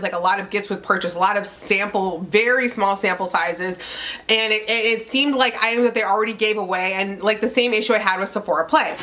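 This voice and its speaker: A young woman casually ranting in a beauty vlog, chatty and animated, packing her talk with fillers. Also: medium pitch. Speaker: beauty subscription box reviewer.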